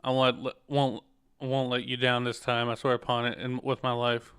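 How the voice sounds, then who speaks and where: A young soldier taking leave of his mother, as a man reads his lines aloud from a game. The delivery is flat and plain, with every ellipsis spoken as a word, in a bright, clear voice. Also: mid-range voice, normal speed, close to an everyday voice. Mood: earnest. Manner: reads game text aloud flatly, saying the ellipses as words. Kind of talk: reading game dialogue aloud on stream.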